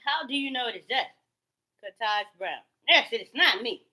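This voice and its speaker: A woman's voice: fairly high pitch, expressive, normal speed, pushed and bright. A woman ranting straight to camera in a profane, rambling, heated way.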